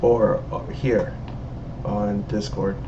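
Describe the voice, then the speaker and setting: A man's voice: on the low side, little pitch movement, slow pace, vocal fry, background noise. A man streaming a game and chatting over a voice call, a rambling storyteller who laughs at his own stories. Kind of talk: casual chat. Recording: dull lo-fi call audio.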